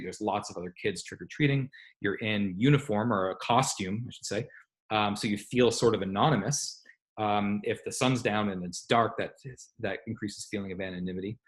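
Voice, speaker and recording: Guy teaching a psych class online, kinda low voice, lots of ums and little asides. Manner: conversational, explains with examples and asides; frequent "um" fillers and self-corrections. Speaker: psychology lecturer. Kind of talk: online university lecture.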